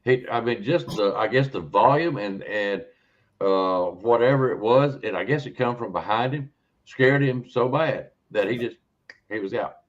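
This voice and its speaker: A man's voice: mid-range voice, moderate pace. A man hosting a podcast who talks in a rambling way, repeating words and checking in with "okay?" as he goes. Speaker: host. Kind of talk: conversational podcast talk. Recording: dull lo-fi audio.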